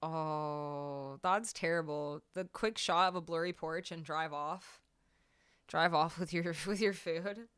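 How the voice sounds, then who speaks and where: A woman's voice: low-pitched, steady tone, slow, a bit bright, clean tone. A young woman hosting a singing livestream from a home room with foam sound panels, chatting casually with her viewers. She repeats her phrases and laughs between them. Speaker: livestream singer and host. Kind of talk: casual chat with live chat.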